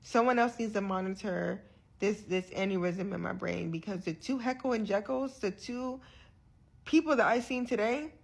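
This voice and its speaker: A woman's voice: mid-range voice, normal speed, vocal fry, breathy edge. A young woman talking candidly to her viewers in a vlog, earnest and frustrated, often restarting her sentences. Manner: frequent restarts and repeated words. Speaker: vlogger sharing her health journey. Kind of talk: candid direct-to-camera vlog.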